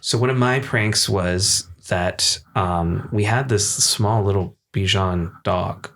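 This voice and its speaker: A man's voice: fairly low pitch, takes it slowly, a bit bright. A young man on a casual podcast, telling a long, rambling anecdote with fillers and laughs. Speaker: podcast co-host. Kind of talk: casual chat, storytelling.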